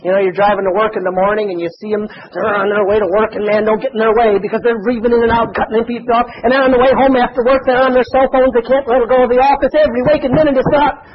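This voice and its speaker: A man's voice: extremely high pitch, little pitch movement, fast, hardly any pauses, highs cut off. A middle-aged man preaching a sermon, asking the listeners rhetorical questions and stressing his points. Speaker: pastor.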